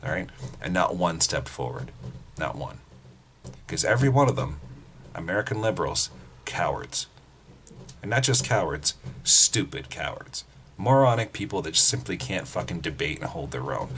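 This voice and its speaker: A man's voice: low voice, sing-song, moderate pace, fairly bright tone, slight background noise. A man giving blunt, heavily profane commentary as a vlogger. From Canada. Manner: blunt, swearing freely, ranting.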